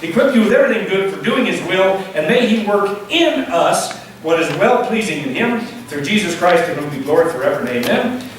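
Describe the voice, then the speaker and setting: A man preaching in a church, his voice high and talkative, with rhetorical questions and "okay?" check-ins to the congregation. The sound is heavily reverberant and distant, as if taken from the back of the sanctuary, with a faint hiss underneath. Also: expressive, brisk. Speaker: pastor. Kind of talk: sermon. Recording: echoey church hall from a distance, faint noise.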